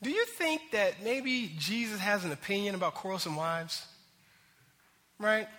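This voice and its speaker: A man preaching a sermon as pastor, animated and acting out voices as he talks. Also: high-pitched, unhurried, long reverb tail.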